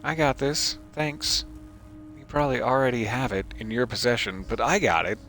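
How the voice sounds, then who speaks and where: A man's voice: medium pitch, moderate pace, a bit bright, soft background music. A man streaming a game, joking and reading the hero's lines aloud, slipping into mock panic. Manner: jokey, reads dialogue aloud, swings into mock panic. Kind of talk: casual gameplay commentary.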